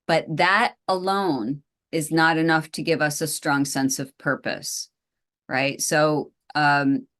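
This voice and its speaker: A woman with a low, steady voice leads an online group class as the therapist. She talks informally and encouragingly, reflecting back what participants share. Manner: encouraging, informal, hums a tune. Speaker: host and therapist leading a class.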